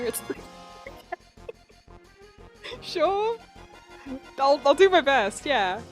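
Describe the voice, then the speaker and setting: A woman's voice: on the high side, very animated, slow pace, long pauses, faint music behind. A young woman chatting casually to her live-stream viewers while playing a game, reading chat aloud and laughing often. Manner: giggly, reads chat aloud, playful.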